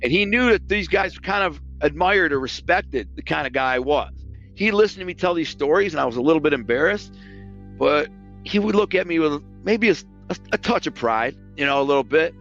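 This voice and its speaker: A man's voice: on the high side, a little fast, dull audio, soft background music. A man from the Detroit area telling stories in a casual, streetwise way, acting out the dialogue as he goes. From Detroit area, United States. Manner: streetwise, animated, acts out dialogue. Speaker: guest, former mobster. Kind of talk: casual storytelling.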